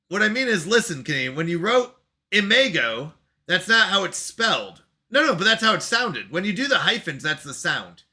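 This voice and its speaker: A man hosting a casual live stream, excitable and quick to laugh, exclaiming at his own mistakes. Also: high voice.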